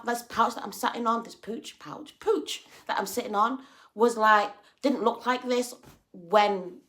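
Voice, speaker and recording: A woman talking casually in a livestream about faith, chatty and animated, acting out little quoted exchanges. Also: on the high side. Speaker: vlogger sharing faith reflections.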